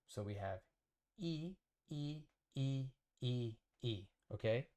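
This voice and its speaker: A man teaching a casual lesson at a whiteboard, explaining slowly and patiently, often checking with "okay?". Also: mid-range voice, animated, mellow, smooth. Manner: slow, patient explaining with fillers and repeated checks. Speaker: Spanish teacher.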